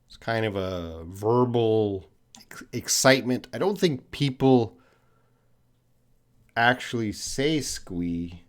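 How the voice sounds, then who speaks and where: A man's voice: lowish voice, animated, slow pace, pauses often. A man from Canada with a Canadian accent, an English teacher answering viewers' questions on a live stream in a patient, chatty way, explaining with repeated examples.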